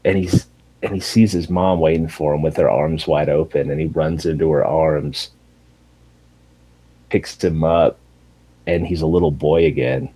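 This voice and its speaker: A man's voice: very deep voice, a little slow, long pauses, husky, low-quality recording. A man in casual chat, animatedly retelling a TV show's ending and swearing freely. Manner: animated storytelling with profanity, acting out characters in raised voices.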